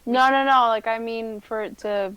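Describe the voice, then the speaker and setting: A woman's voice: on the high side, fairly even intonation, normal speed, a bit bright, clean tone, no room sound, low-quality recording. A woman player talking bluntly and teasing friends, swearing freely. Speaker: tabletop game player. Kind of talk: casual out-of-game chat.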